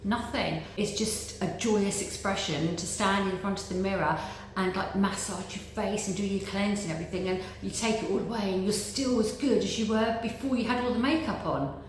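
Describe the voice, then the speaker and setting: A woman's voice: mid-range voice, moderate pace. A middle-aged woman giving an earnest, chatty patient testimonial, repeating words like "very, very". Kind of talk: casual interview testimonial. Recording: very echoey room with faint noise.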